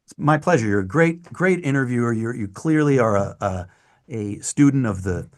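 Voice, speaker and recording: Animated middle-aged male storyteller. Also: mid-range voice, normal speed. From Canada. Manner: animated storyteller, acts out quotes. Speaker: guest actor. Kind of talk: casual interview chat.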